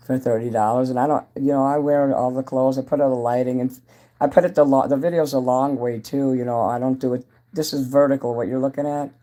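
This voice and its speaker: A self-styled entertainer rambles casually on a livestream, greeting viewers by name and chatting about whatever comes to mind. His voice is medium-pitched and mellow.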